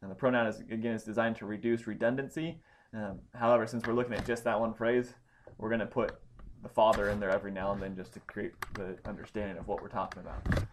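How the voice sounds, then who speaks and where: A man's voice: fairly low pitch, little pitch movement, fast, a little hiss or hum. A man teaching a Bible study lesson, explaining Greek grammar step by step with frequent ums and restarts.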